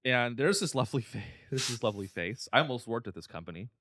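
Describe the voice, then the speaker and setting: A man's voice: medium pitch, lively intonation, fast, sharp tone, dry recording, clean studio sound. A man hosting a podcast, ranting with profanity and exasperation, slipping into mocking voices of other people. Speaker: podcast host. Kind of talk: comedic rant.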